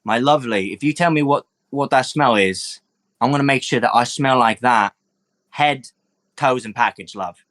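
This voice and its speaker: A man's voice: mid-range voice, normal speed, fairly bright tone, pitched below the performer's own voice, natural voice. A man doing a crude, flirty rogue. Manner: brash, crude, flirty, calls people mate and love.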